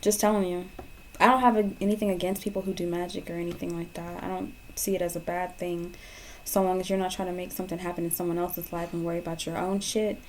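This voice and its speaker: A woman giving a pick-a-card tarot reading to camera. She is blunt and profane, repeats phrases for emphasis, and swings between loud emphasis and hushed asides. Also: lowish voice, little pitch movement, fast, a little hiss or hum. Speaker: tarot reader.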